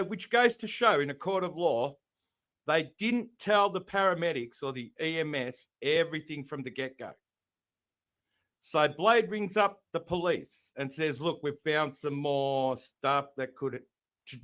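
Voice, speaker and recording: Man, from Australia, rambling live-stream guest, slightly high voice. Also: fairly bright tone. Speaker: panel guest. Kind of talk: casual live-stream chat.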